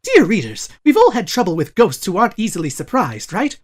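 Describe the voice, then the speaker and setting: A man's voice: high-pitched, huge pitch swings, a little fast, heavily acted. A man voicing a folksy, boastful ghost-hunting guide writer, reading the guide's advice aloud.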